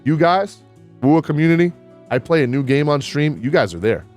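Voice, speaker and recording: A man reviewing a video game update in casual, candid talk, excitable and quick to swear. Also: fairly high pitch, faint music behind. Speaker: gaming YouTuber.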